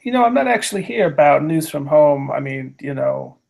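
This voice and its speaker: A man's voice: a little high, animated, brisk, creaky, a little mellow. A man playing a tabletop game, speaking in character in a casual, hesitant way with many restarts. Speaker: player. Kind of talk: in-character tabletop role-play.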